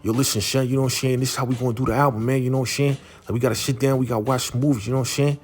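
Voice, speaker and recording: A man's voice: mid-range voice, fairly even intonation, racing, a little mellow, slight background noise, pitched above the performer's own voice, close to an everyday voice. A man voicing a hyped young male rapper who keeps dropping street slang and filler phrases. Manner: slangy, repeating "you know what I'm saying".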